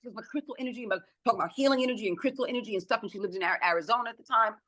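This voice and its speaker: A woman's voice: on the high side, rapid-fire. A middle-aged woman who is a podcast guest, chatting casually and acting out other people's lines as she tells stories. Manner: animated storyteller, acts out quotes.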